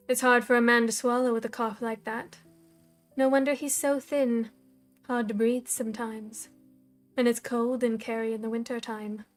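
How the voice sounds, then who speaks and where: A woman reading aloud and voicing a cold, scornful older woman who acts as a dark mentor, speaking in a low, hushed, commanding way. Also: close to an everyday voice.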